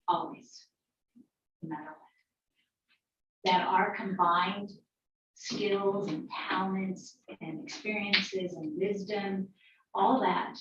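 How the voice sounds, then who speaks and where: A woman's voice: lowish voice, far from the mic, slight background noise. A middle-aged woman presenting to a school board at a workshop, explaining plans with fillers and repetition. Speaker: school district superintendent. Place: meeting room. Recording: echoey dull room audio from afar.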